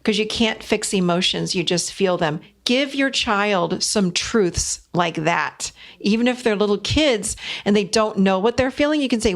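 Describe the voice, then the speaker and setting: Middle-aged woman host talking parenting, bit of vocal fry, lively and emphatic. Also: medium pitch, unhurried. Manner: warm, emphatic, acts out parent and child voices. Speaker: podcast host and therapist. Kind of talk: casual advice monologue.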